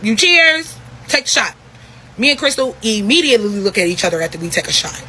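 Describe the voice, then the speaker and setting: A young woman telling a story in a casual vlog, talking in a profane, animated, repetitive way. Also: on the high side, brisk, a little hiss or hum, poor audio.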